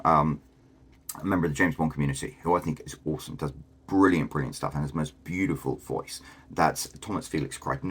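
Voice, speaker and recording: A man's voice: extremely low pitch, a bit bright, husky. A man, explaining things casually to camera as a vlogger, thinking aloud with fillers and restarts. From England.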